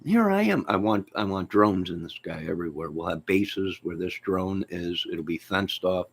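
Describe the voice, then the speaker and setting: A man hosting his own channel, chatting in a rambling, jokey way with sudden loud outbursts. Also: deep voice, fairly even intonation, moderate pace. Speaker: channel host. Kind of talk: rambling joking livestream chat.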